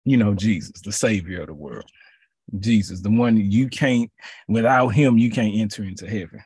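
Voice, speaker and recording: A man giving a casual sermon in relaxed slang, repeating his phrases for emphasis. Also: lowish voice, moderate pace, breathy edge, no room sound, studio quality. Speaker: preacher.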